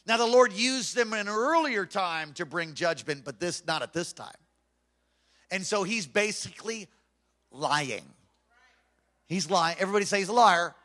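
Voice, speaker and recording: A man's voice: high-pitched, expressive, normal speed, long pauses, sharp tone. A man preaching a fervent, emphatic sermon as pastor from a church stage.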